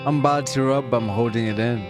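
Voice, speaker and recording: A man's voice: medium pitch, fast, loud music behind the voice. A man giving casual reaction commentary to songs, laid back and speaking straight to his viewers. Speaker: music reactor.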